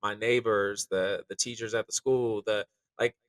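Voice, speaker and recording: A chef speaking candidly on a podcast, earnest and reflective, with lots of "like" and "you know.". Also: male voice, lowish voice, fairly even intonation, moderate pace, fairly bright tone, no room sound, distant mic, low-quality recording. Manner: earnest and reflective, many fillers.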